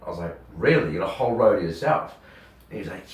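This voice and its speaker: A young man with a New Zealand accent, a radio host telling a story in casual chat, animated and acting out the dialogue, swearing freely. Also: low-pitched, fast. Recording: roomy sound from a distant mic.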